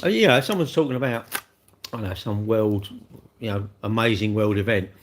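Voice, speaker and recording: A man's voice: fairly low pitch, a little fast, slight background noise. A man, chatting cheekily and rambling to his livestream viewers while eating cake with his mouth full.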